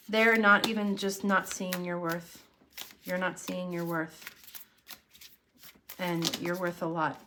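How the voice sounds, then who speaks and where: A woman's voice: medium pitch, fairly bright tone, a little hiss or hum. A woman giving a casual tarot reading to camera, earnest and encouraging as she speaks straight to the viewer. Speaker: tarot reader.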